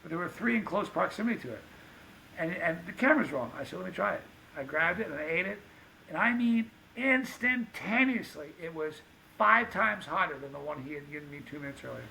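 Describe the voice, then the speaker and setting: A man telling stories on a podcast, animated and acting out the dialogue of the people in them. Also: a little high, fast talker, gravelly, a little hiss or hum, poor audio. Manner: animated anecdote-teller, acts out quoted dialogue. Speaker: podcast guest, pepper show host. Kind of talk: casual storytelling.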